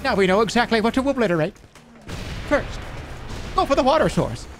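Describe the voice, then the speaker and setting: A man voicing a smug, scheming alien invader who makes haughty, drawn-out pronouncements. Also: extremely high pitch, big pitch swings, a little hiss or hum, voice pushed up.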